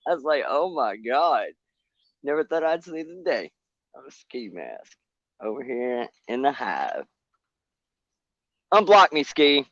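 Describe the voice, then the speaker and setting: A man's voice: mid-range voice, big pitch swings, unhurried, no echo, highs cut off. A man from Alabama with an Alabama accent, a panel guest chatting casually online in a drawling, profane way and laughing at himself.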